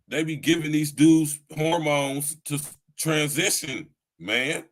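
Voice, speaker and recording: A man's voice: fairly high pitch, slow pace, fairly bright tone, rough recording. A man hosting a casual live podcast, talking loose and profane with lots of slang and laughter. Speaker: podcast host. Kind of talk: casual live-stream chat.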